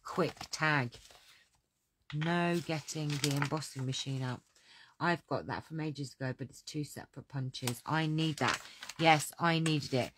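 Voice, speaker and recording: A woman's voice: low-pitched, background noise. A middle-aged woman chatting through a craft catalogue, gushing and repeating her praise. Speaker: crafting demonstrator. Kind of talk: casual product walkthrough.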